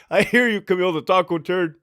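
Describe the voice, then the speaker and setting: A man in his thirties hosts a casual livestream from home, laughing, swearing, boasting and addressing his chat directly. His high-pitched voice is a bit bright, clear and resonant, captured at studio quality with no room sound.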